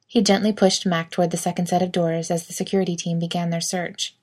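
A woman narrating a story in a calm, even reading voice. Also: fairly low pitch, quick pace.

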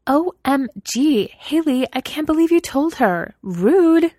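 A woman voicing a bubbly, excitable teenage girl gymnast who talks eagerly and gushes. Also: fairly high pitch, measured pace, no room sound, studio quality, pitched above the performer's own voice. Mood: indignant. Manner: eager, squealing, gushing.

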